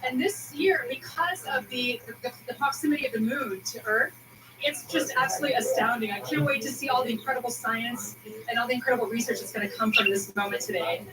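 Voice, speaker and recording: A woman's voice: fairly high pitch, brisk. Female science reporter, live, emotional and eager; distant, very noisy TV capture. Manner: excited, emotional, restarting often. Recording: TV audio taped from a distance, loud noise.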